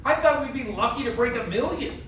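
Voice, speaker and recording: A man running a casual real estate training workshop, animated and joking, often asking "right?". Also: very high-pitched, brisk. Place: classroom with a group. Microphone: phone camera from across the room. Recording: very echoey room, distant, faint hiss.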